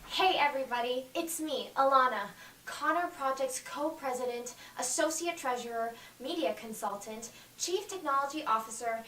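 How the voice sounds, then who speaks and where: A woman acting an overeager, chatty teenage girl in an audition reading, talking in quick gushing bursts. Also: sits high, sharp tone, slight background noise. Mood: bossy. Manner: rapid, overbearing chatter. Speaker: auditioning actress. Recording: echoey room, faint music, from far off.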